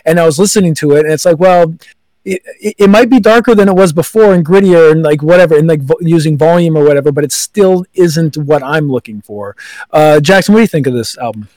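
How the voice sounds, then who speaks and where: A man hosts a loose podcast chat, wandering through his thoughts with many fillers. His voice sits a little high. The recording is close and dry. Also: quick pace, warm tone, no room sound. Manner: rambling, filler-heavy, laughs often. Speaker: podcast host. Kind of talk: casual chat.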